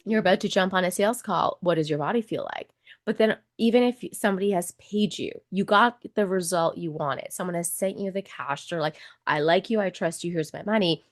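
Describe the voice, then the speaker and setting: Animated, expressive woman coach. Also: lowish voice, fairly quick. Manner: animated, acts out inner voices, swears casually. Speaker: guest coach and nurse. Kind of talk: conversational podcast interview.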